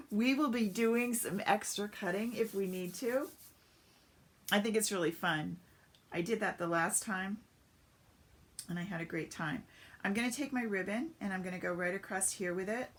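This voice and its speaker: A woman's voice: mid-range voice, measured pace, long pauses. A woman giving a chatty step-by-step craft demonstration on a live stream, greeting viewers as she works. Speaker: papercraft demonstrator.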